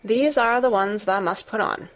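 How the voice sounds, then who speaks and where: A woman's voice: medium pitch, moderate pace, voice pushed up, close to an everyday voice. A woman voicing a plainspoken, friendly young housemaid with a Yorkshire accent and homely dialect, in an audiobook. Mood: matter-of-fact. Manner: blunt, homely dialect with thee and thou. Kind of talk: audiobook character voice.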